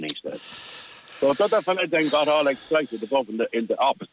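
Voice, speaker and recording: An older Irish man calling in to a radio show, telling a story with halting restarts and acting out what others said. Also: mid-range voice, lively intonation. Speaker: caller. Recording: tinny phone line.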